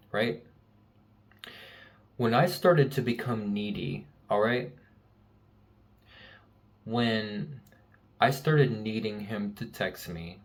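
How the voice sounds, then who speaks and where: A young man giving an earnest, emphatic motivational talk, repeating key lines and swearing casually. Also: on the low side. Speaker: self-help speaker.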